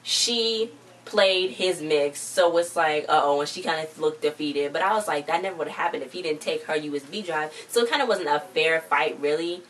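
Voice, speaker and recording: A woman's voice: low voice, a bit bright. A young woman vlogger casually recapping a TV episode, rambling and quoting the characters one after another. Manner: rambling, quotes characters in quick succession. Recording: distant mic with faint background noise.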